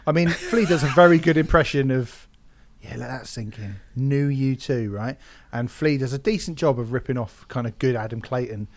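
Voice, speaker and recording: A man co-hosting an album review chat, sweary and animated, ranting about the music. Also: mid-range voice, moderate pace. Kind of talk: casual chat.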